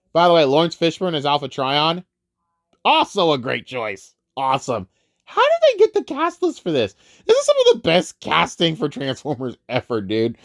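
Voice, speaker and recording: A man's voice: a little high, dry recording, studio quality. A man giving a casual, profane, rambling film review rant. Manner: profane, rambling, animated ranting. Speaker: movie reviewer.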